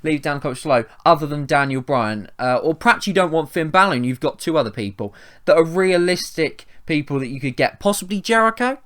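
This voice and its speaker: A man's voice: on the high side, animated, fairly quick, fairly bright tone. An English man giving a rambling, chatty wrestling review, often restarting his sentences and swearing casually. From England.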